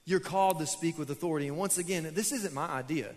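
A man's voice: on the high side, fast, in a large hall. A young man preaching a sermon in a church, casual and self-mocking as he tells stories. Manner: casual, storytelling preacher who laughs at himself. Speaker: pastor. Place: church auditorium.

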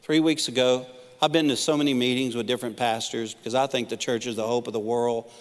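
Middle-aged pastor preaching in a reverberant hall. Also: male voice, medium pitch, steady tone, fast talker. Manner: storytelling with humor, acting out quotes. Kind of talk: sermon. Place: church auditorium. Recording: long reverb of a church hall.

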